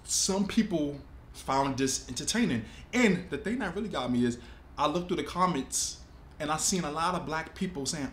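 Brief: male reaction-video host, emphatic and casual, slightly high voice, roomy echo. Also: normal speed, slight background noise. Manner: animated, emphatic, casual vernacular. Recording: echoey room with faint ambience.

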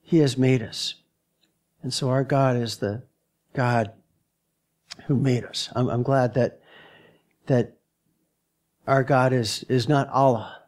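A male pastor giving a sermon in a church, halting and repeating words as he searches for his phrasing. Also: medium pitch, steady tone, darkish tone. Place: church sanctuary.

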